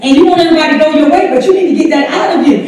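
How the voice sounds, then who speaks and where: A woman pastor with a Southern US accent leads a lively Bible study, laughing often and urging the room on with "come on". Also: high voice, rapid-fire, recorded from a distance. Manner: exclaims "come on" often, laughs while preaching. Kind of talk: lively sermon-style teaching. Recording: echoey church hall mic from afar.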